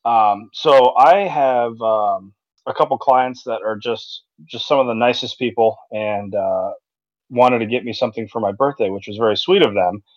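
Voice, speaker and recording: A man's voice: medium pitch, moderate pace, no room sound. Rambling man on a dull dry mic. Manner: rambling, full of ums and restarts. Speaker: podcast co-host. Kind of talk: casual chat. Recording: dry, slightly dull sound.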